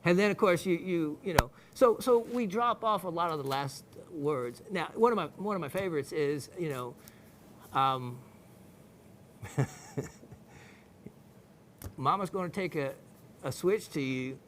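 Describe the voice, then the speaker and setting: A man's voice: fairly high pitch, lively intonation, measured pace, slight background noise. A middle-aged man with a Southern US accent hosting a gemstone show, chatting casually and reading viewer messages in a folksy, rambling way. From American South. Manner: folksy, rambling, playful, with frequent fillers and laughs.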